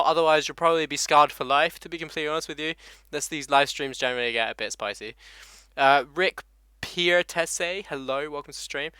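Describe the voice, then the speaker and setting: A man's voice: a little high, bright, forceful tone, clean tone, no echo. A young man with an English accent hosting a casual motorcycle live stream, swearing freely and laughing as he greets viewers by name. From England. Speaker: motovlogger host.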